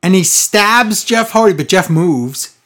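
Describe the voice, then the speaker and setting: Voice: medium pitch, expressive, unhurried, fairly bright tone. A podcast host in loose, casual chat, recapping a show with biting sarcasm. The delivery is exasperated and mocking, and often drags out the words for effect. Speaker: podcast co-host reviewing wrestling.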